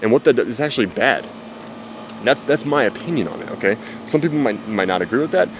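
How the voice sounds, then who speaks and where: Outdoors among faint cicadas, a man talks to camera as a dating coach, handing out blunt, profane advice. He speaks fast in an animated, medium-pitched voice over some background noise.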